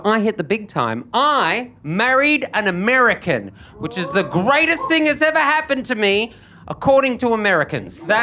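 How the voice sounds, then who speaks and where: A young man doing stand-up on a club stage into a handheld mic, dry and self-deprecating, with sudden jumps into a higher voice. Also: sharp tone. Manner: dry, self-deprecating delivery with sudden high-pitched bursts. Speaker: stand-up comedian. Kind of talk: stand-up routine. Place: comedy club stage with audience. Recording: live stage recording with crowd noise.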